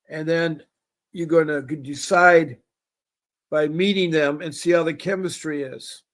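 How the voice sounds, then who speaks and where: A man hosting a call-in show, talking in a rambling, folksy way and repeating himself. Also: on the high side. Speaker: show host. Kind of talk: casual call-in show talk.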